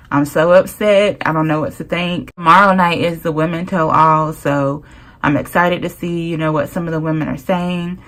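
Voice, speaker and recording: A young woman, ranting to her viewers in a casual, chatty way while she plans her week. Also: deep voice. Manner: animated, talks straight to viewers with southern-style slang. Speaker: planner vlogger.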